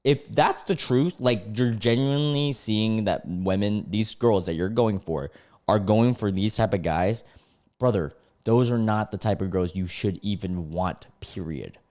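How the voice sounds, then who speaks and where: Young male streamer with a low voice, relaxed slangy reaction commentary. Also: measured pace. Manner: casual slangy, calls people bro and dude. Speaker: streamer reacting to online posts.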